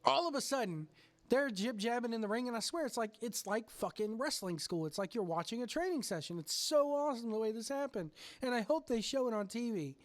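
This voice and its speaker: A man's voice: very high voice, animated, a little fast. A man hosting a podcast, telling a story with lots of swearing. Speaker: podcast host. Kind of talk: casual chat.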